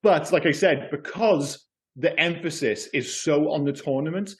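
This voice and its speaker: A man co-hosting a podcast, chatting casually about a movie in an animated, swearing, ranting manner. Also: a little high, normal speed. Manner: animated, swears often, goes off on rants. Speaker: podcast co-host.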